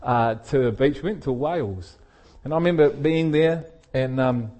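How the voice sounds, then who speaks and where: A man's voice: medium pitch, moderate pace, warm tone. A middle-aged man, a pastor telling a personal story in a sermon and laughing often as he speaks. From England.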